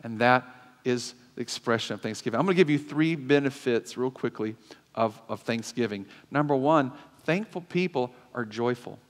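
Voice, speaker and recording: A man's voice: mid-range voice, moderate pace. A male pastor preaching a sermon with emphatic asides and call-and-response to the congregation. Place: church sanctuary. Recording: long hall reverb.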